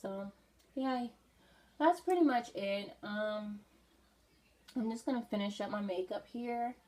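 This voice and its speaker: A woman's voice: medium pitch, slow pace, darkish tone, low-quality recording. A woman beauty vlogger talking casually while doing her makeup, earnest and reflective, with many "you know"s.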